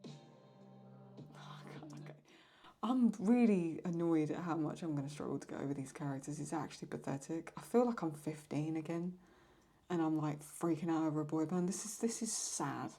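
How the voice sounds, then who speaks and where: A young woman chatting excitedly and mocking herself while she reacts to videos as host of her channel. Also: deep voice, a little fast, breathy edge. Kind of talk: casual reaction commentary.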